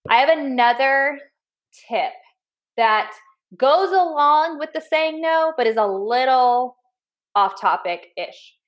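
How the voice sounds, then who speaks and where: A woman in her thirties co-hosting a casual podcast, telling animated stories and acting out her kids' voices. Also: high voice, slow, highs cut off. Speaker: podcast co-host. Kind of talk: casual chat.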